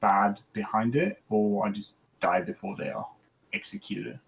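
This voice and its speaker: A middle-aged man with a lowish voice talks calmly over a voice call. He pauses and gropes for words as he explains what he wants help with. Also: vocal fry. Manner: relaxed, hesitant, many fillers. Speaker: student taking a coaching session. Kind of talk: casual chat on a voice call.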